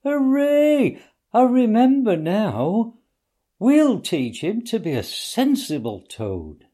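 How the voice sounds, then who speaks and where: A man voicing an eager, excitable little male mole in a high, bright-spirited storybook voice. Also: takes it slowly, heavily acted. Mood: delighted. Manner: high and delighted.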